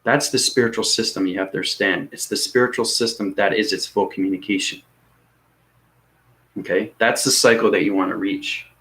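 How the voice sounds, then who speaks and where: A man's voice: lowish voice, steady tone, brisk, fairly bright tone, low-quality recording. A man talking earnestly and rambling about spiritual ascension, often repeating himself. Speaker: spiritual teacher. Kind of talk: unscripted spiritual talk.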